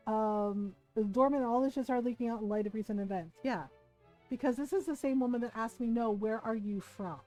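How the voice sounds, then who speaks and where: A woman from the United States tells a story on a livestream in an animated, swearing, laugh-filled way. Her voice sits a little high with a mellow, warm tone. Faint game music plays underneath. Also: poor audio. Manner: animated retelling, swears freely, laughs often. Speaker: streamer.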